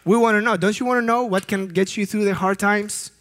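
A man's voice: high-pitched, fairly even intonation, fairly quick, fairly bright tone. A man preaching a sermon as a youth ministry director, earnest and emphatic, with occasional slips and restarts.

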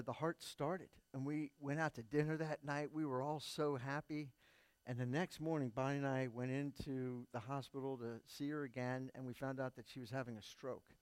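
A middle-aged man, a pastor, telling his family's story in a sermon, earnestly and with lively quoted voices. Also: mid-range voice, clear, resonant tone, no room sound. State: recovering from tongue surgery. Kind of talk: sermon testimony.

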